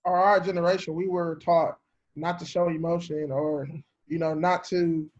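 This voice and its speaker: A man's voice: fairly high pitch, level tone, normal speed, darkish tone, slight background noise. A man hosting a podcast, asking long, loose questions with many fillers in a casual way. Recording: dull lo-fi recording.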